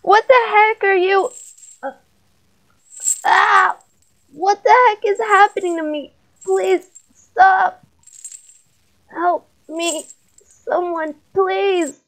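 A woman's voice: fairly high pitch, very animated, very slow, creaky, pauses often, darkish tone, husky, exaggerated voice, low-quality recording. Woman voicing a terrified stammering little boy. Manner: stammering, pleading, panicked. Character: frightened young boy in danger.

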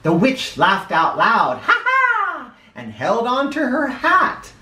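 A man reading a children's picture book aloud in a playful, animated way. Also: high-pitched, slow pace. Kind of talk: read-aloud storytelling for kids. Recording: echoey room, mic at a distance.

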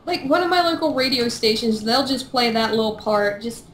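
A woman's voice: on the high side, animated, normal speed. A woman playing a game with a friend, teasing her and swearing casually. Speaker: gaming co-player. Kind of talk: casual gaming chat. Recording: echoey room with faint noise.

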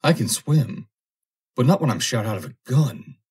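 A man reading an audiobook, voicing a terrified, cowardly grown man who pleads in a shrill, panicky voice. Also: sing-song, a little slow, darkish tone, breathy edge, heavily acted. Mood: panicked. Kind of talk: audiobook character voice.

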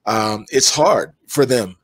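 A man's voice: fairly low pitch, animated, takes it slowly, slightly rough, no echo. Rambling man telling stories, dry sound. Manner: rambling storyteller with many fillers and restarts. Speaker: energy healer, interview guest. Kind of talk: relaxed conversational interview.

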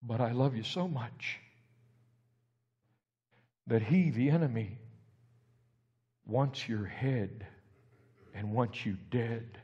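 A pastor delivers a sermon in a husky, middle-pitched voice. He talks plainly at first, then climbs to loud, emphatic peaks. The sound carries the long reverb of a large church sanctuary. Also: slow pace, long pauses, lo-fi sound.

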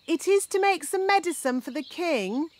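A woman's voice: very high-pitched, expressive, normal speed, very noisy. A woman voicing a bossy, blunt fairy nanny in a children's cartoon, lecturing and rudely frank. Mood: instructive. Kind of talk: cartoon voice acting.

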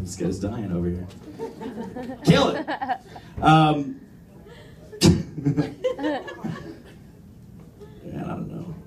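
A young man doing a crude, rambling stand-up set. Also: fairly low pitch. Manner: crude, rambling, self-deprecating delivery. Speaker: stand-up comedian. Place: comedy club stage. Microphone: phone camera from the audience. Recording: roomy club sound, phone from far off. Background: crowd laughing.

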